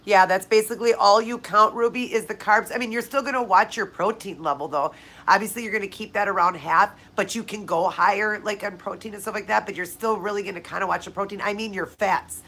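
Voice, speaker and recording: A woman's voice: medium pitch, brisk, pushed and bright, slightly rough, low-quality recording. A woman hosting a live viewer Q&A, talking casually and tearfully, speaking straight to viewers by name. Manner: emotional, heartfelt, speaks directly to viewers by name. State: tearful, crying. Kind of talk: casual live-stream chat.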